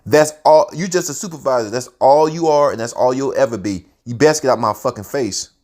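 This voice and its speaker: A man voicing a fed-up male coworker who shouts back in a loud, cursing, confrontational way. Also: mid-range voice, expressive, moderate pace, close to an everyday voice. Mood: furious. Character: fed-up male warehouse worker, defiant and furious.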